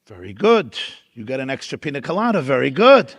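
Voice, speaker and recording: A man's voice: medium pitch, sing-song, a little fast, fairly bright tone, no room sound. A man, a rabbi, giving a storytelling keynote lecture at a dinner event, emphatic and building up lists.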